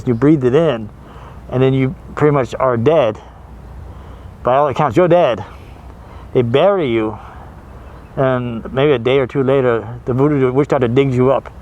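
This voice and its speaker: A man's voice: mid-range voice, darkish tone, a little hiss or hum. Rambling man hosting a horror movie show. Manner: rambling, laughs easily, trails off and restarts. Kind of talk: casual chat.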